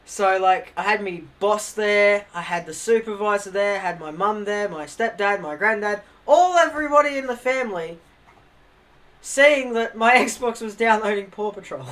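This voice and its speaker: Young guy on stream, bright voice, laughing thru his stories, swears a lot. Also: high voice, animated, moderate pace. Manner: laughing storyteller, swears, acts out family quotes. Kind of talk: casual chat on a live stream.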